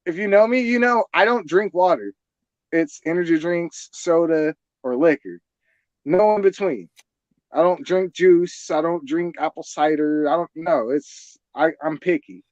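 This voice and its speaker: A young man telling crude, animated stories with lots of swearing in a casual podcast chat. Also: fairly high pitch, unhurried, no room sound, muffled recording. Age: young adult. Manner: crude, animated storytelling with profanity.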